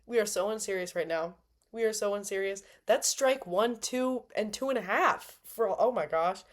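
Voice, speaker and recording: A woman's voice: medium pitch, normal speed. Bubbly, dramatic woman recapping fights. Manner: bubbly, playful and dramatic, with slangy asides. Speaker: MMA fan reviewer. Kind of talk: casual recap commentary.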